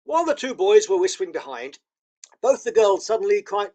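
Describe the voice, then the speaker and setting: Man, storybook narrator, expressive, children's novel read aloud. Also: high voice, a little fast. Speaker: audiobook narrator.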